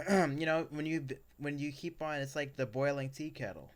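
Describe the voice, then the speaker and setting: A man's voice: on the high side, moderate pace. A young adult man co-hosting a podcast, telling personal stories in a casual chat that rambles, with lots of fillers and restarts. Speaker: podcast co-host.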